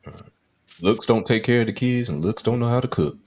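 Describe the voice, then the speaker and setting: A man's voice: medium pitch, animated, fairly quick, a little mellow. A man hosting a casual group podcast, steering the talk and cracking dry jokes. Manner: dry joking, steers the show. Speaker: podcast host.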